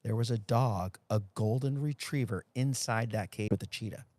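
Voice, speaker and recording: A man's voice: lowish voice, normal speed, no room sound. A union leader, a man, telling stories and metaphors with energy on a podcast. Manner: animated storyteller, fond of metaphors. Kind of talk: storytelling in podcast conversation.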